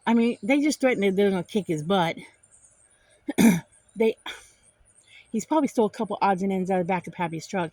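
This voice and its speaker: A middle-aged woman, telling an angry story to the camera in a casual vlog and repeating herself for emphasis. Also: mid-range voice. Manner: animated, indignant retelling with repeated phrases. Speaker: vlogger.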